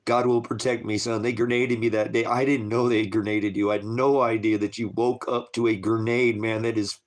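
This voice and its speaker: A man's voice: on the low side, little pitch movement, a little fast. A man recording an emotional video message as a father, distraught and self-blaming, his voice breaking as he struggles to hold himself together. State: crying, struggling to keep composure. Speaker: father making a video appeal.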